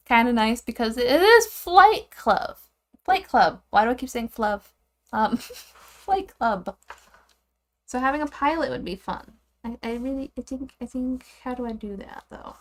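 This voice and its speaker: A young woman chatting casually and giggling as she draws, rambling and often trailing off quietly. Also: a little high. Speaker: streamer drawing goose characters. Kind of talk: casual chat while drawing.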